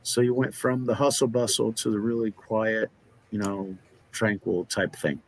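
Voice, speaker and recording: A man's voice: on the low side, normal speed, a little hiss or hum. A man co-hosting a live stream, chatting casually and rambling with many fillers and restarts. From Oklahoma. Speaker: co-host of a live stream chat. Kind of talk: casual chat.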